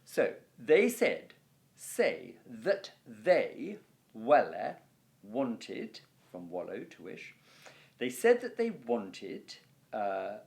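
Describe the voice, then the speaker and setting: A man's voice: mid-range voice, wildly swooping pitch, extremely slow, vocal fry, a little mellow. A man with an English accent teaching a Latin lesson, patiently going through sentences word by word. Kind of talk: recorded language lesson.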